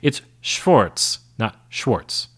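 A man putting on a brash Hollywood agent, loud and pushy, swearing freely as he holds court. The voice sits higher than the reader's own and comes out bold and forceful. It stays within an audiobook-style reading. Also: very animated, very slow, husky, heavily acted. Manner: boisterous, pushy, profane.

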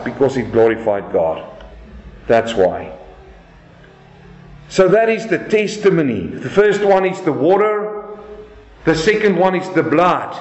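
A man preaching a sermon, reading scripture and asking the listeners rhetorical questions. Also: sits high. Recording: echoey room, dull sound.

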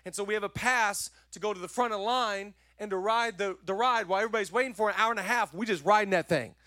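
A man preaching a sermon as pastor, energetic and repetitive in his urging, with chatty joking asides. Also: high-pitched, fast, no echo, clean studio sound.

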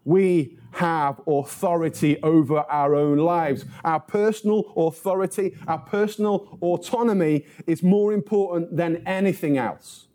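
A man preaching a sermon in a fairly high but mellow voice. He reads scripture slowly, then shifts into playful, self-mocking stories full of humor. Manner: humorous storytelling.

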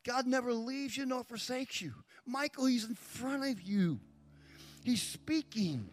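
High-voiced preaching pastor, lively. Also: male voice, a little slow. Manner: preaching with call-outs to congregation. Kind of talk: sermon with live demonstration.

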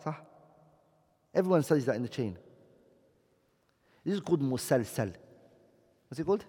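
A man's voice: medium pitch, animated, warm tone, breathy edge. Man teaching in an echoey classroom. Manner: explains slowly, checks understanding with questions. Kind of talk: classroom lecture.

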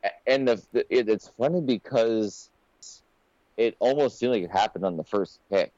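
A man co-hosts a casual podcast from home, rambling and restarting his sentences often. His voice sits a little low. The sound is dry and dull, like a lo-fi mic. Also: normal speed, warm tone, no echo. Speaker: podcast co-host. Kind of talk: casual chat.

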